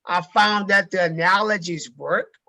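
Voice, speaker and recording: A man's voice: high voice, unhurried, sharp tone. A man giving a casual sales training talk to a group, emphatic and repeating key phrases, with casual swearing.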